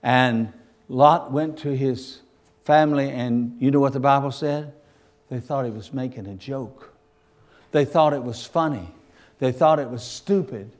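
A man preaching a fervent sermon, swinging from hushed asides to loud dramatic calls. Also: mid-range voice, measured pace.

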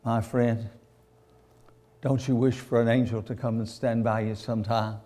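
A man's voice: mid-range voice, little pitch movement, normal speed, long pauses, warm tone. A man preaching a sermon, repeating phrases and building to emotional peaks.

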